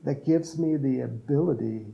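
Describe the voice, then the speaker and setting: A man's voice: mid-range voice, normal speed, vocal fry, dull audio. A man preaching a sermon in a conversational style, mixing jokes and asides with earnest appeals. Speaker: pastor.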